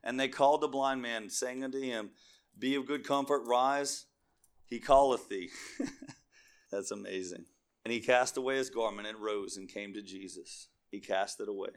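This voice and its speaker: A man's voice: mid-range voice, moderate pace. A man preaching a sermon, reading scripture aloud and calling out to his congregation.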